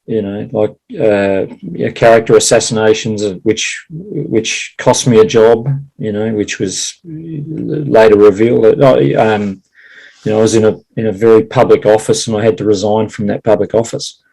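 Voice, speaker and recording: A man with a lowish voice chatting casually as a guest. He talks haltingly, restarting sentences and breaking into laughter. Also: creaky, warm tone, poor audio. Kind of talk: casual conversation.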